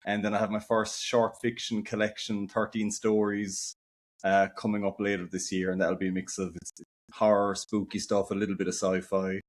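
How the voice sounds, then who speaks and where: A man's voice: on the low side, flat delivery, moderate pace. A man in his forties with an Irish accent, a guest author chatting casually and rambling with fillers in a podcast interview. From Ireland.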